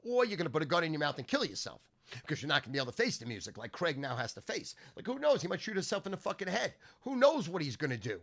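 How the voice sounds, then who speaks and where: A middle-aged man delivers a crude, profane podcast rant in a bright, forceful voice that sits a little high for a man. He keeps dropping to a low grumble and then jumping up to a shout. His voice is wearing hoarse. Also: big pitch swings, rapid-fire. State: voice going hoarse. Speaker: sports handicapper and podcast host. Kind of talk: profane ranting monologue.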